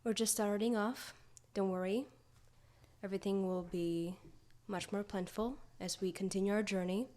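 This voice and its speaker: A woman's voice: medium pitch, steady tone, moderate pace, a little mellow. Woman player in a tabletop game.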